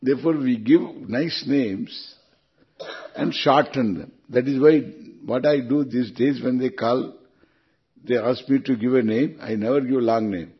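Man, Indian English accent, spiritual teacher, chuckling, unhurried, husky, dull lo-fi recording. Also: medium pitch. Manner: unhurried, chuckling, chants Sanskrit verses. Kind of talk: scripture lecture.

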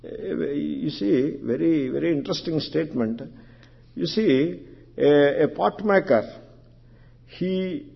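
A man teaches a scripture class in a slightly husky voice, pausing to explain each term and circling back over his phrases. The recording is dull and lo-fi. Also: fairly high pitch. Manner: explains terms, repeats and restarts phrases. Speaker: spiritual teacher.

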